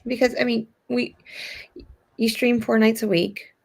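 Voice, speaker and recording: A woman's voice: on the high side, level tone, a little slow, gravelly. A woman in casual chat, asking hesitant, rambling questions with many fillers.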